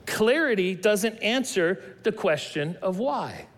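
A man preaching a sermon, reading scripture and then teaching with emphatic, animated delivery and acted-out dialogue. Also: high-pitched, takes it slowly. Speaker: pastor.

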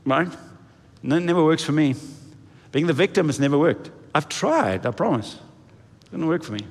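Guy preaching a sermon, really animated, voice jumps up and down, echoey hall sound. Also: moderate pace, long pauses. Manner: animated, acts out quoted voices, lively swings in pitch and volume. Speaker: pastor.

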